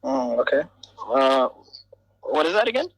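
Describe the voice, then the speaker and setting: A man's voice: mid-range voice, sing-song, a little slow, gravelly, no echo, low-quality recording. A young man in a casual debate who pushes back and says "man" and "bro". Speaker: debate caller.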